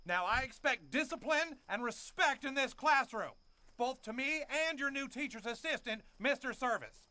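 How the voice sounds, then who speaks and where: Pompous cartoon schoolteacher, smug, preachy, high voice. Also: male voice, expressive, moderate pace, pushed and bright, no echo, full character voice. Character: pompous self-righteous middle-aged male teacher. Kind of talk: animated cartoon voice acting. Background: music.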